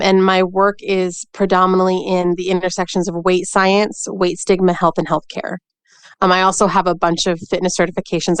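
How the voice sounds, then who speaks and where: Smooth-voiced woman guest, dry wit. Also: on the low side, no room sound. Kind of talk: casual interview talk.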